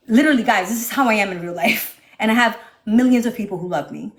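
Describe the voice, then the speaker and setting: A woman from the northeastern United States ranting on a phone livestream from her home, loud, profane and confrontational. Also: medium pitch, fast talker, few pauses. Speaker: livestream host. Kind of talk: heated livestream rant.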